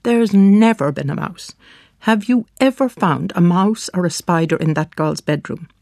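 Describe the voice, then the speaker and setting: A grief-stricken mother in her bed, shrill and pleading, her words tumbling out faster as she accuses and then breaks down, as a storybook reader puts her on. The voice carries a gravelly rasp. It sits dry and close, with no room around it. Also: a little mellow, no room sound. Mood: suspicious. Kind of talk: dramatic storybook reading.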